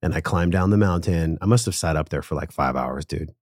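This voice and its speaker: Low deep-voiced guy on a podcast, earnest and emotional storytelling, swears casually, dry close mic. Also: fairly quick, darkish tone, no echo. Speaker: podcast guest. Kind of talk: candid personal storytelling.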